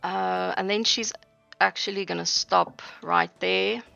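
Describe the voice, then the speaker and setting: A woman game master narrates a tabletop game in a relaxed way, full of fillers. Her voice is bright and gravelly and sits a little low. The mic sounds dull, dry and lo-fi. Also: a little slow, no echo, soft background music.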